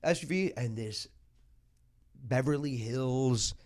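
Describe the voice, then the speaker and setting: A man hosting a casual comedy podcast, telling a story with lively acted-out dialogue. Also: mid-range voice, slow pace. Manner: animated storyteller, acts out both sides of a quarrel. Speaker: podcast host.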